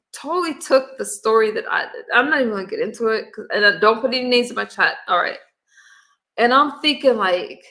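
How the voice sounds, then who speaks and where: A woman's voice: on the high side, gravelly, pushed and bright. A woman hosting a livestream, speaking earnestly and emotionally to her chat, close to tears. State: holding back tears. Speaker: livestream host. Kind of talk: emotional casual livestream talk.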